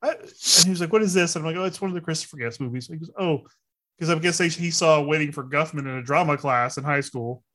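A middle-aged man in casual chat as a podcast co-host, excitable and quick to joke and swear. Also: a little high.

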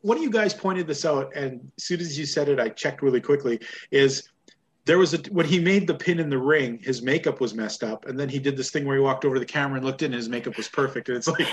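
A Canadian man hosts a casual wrestling review podcast, talking fast in a medium-pitched voice. He's blunt and sarcastic and often laughs at what he's describing.

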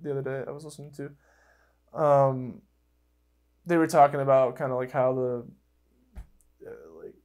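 A young man hosting a podcast in casual chat, rambling and excitable, with lots of fillers and swearing. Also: mid-range voice, moderate pace, long pauses. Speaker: podcast host.

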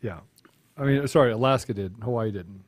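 A man's voice: lowish voice, brisk, no room sound. A man co-hosting a talk show, speaking with fervent, repetitive emphasis that builds to anger. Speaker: co-host.

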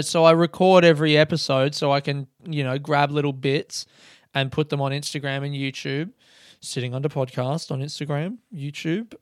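A man's voice: on the high side, smooth, no room sound. A young adult man hosting a casual solo podcast, ranting and sardonic, swearing freely, close to the mic. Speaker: podcast host. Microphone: close studio mic.

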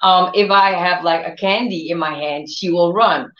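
A woman giving an informal sermon, telling lively stories and acting out what people say in other voices. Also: on the low side, normal speed. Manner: animated storyteller who acts out quotes in other voices. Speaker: preacher. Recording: roomy, dull lo-fi sound.

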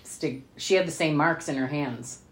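A woman's voice: deep voice, moderate pace, slight background noise. A woman co-hosting a movie podcast, chatting casually with dry, amused asides and frequent laughter. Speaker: podcast co-host. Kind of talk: casual movie recap chat. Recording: roomy echo.

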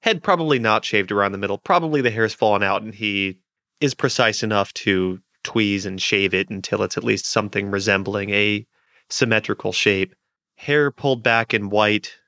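A man's voice: fairly low pitch, moderate pace, pushed and bright, no room sound, studio quality. A man running a tabletop game as game master, describing scenes with jokey asides.

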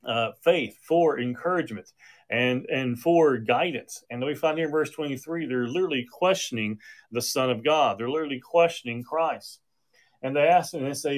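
A man's voice: medium pitch, moderate pace. Man preaching a conversational sermon. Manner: conversational with frequent restarts and fillers. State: occasional coughing.

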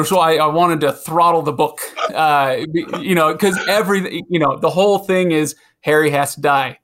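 Man, podcast host, casual chat, relaxed storytelling, fairly high voice. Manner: relaxed storytelling, quick agreeing interjections.

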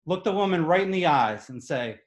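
A man telling a comic personal story on stage in an animated, exasperated, emphatic way. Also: a little high, fairly quick. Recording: echoey room.

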